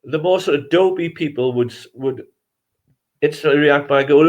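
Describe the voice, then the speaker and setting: A man's voice: fairly high pitch, moderate pace. A man, a filmmaker guest giving long reflective interview answers with frequent restarts and chuckles. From England. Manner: reflective, rambling, chuckles often, many restarts.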